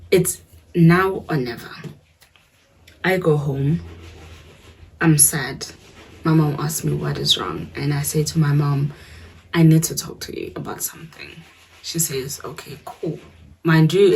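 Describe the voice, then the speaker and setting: Low, very breathy South African woman. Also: darkish tone, low-quality recording. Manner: switches between English and isiZulu, asks listeners to follow along. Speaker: storyteller. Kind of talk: casual storytime.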